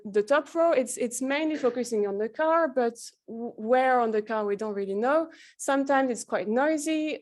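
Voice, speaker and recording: Higher-voiced woman giving a technical lecture. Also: a little mellow. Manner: explanatory, with frequent self-corrections and filler sounds. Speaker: conference tutorial presenter.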